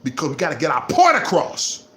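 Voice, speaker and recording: A man ranting on his vlog, repeating himself and swinging between low muttering and loud laughing outbursts. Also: wildly swooping pitch, brisk. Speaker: vlogger. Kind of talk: unscripted livestream rant.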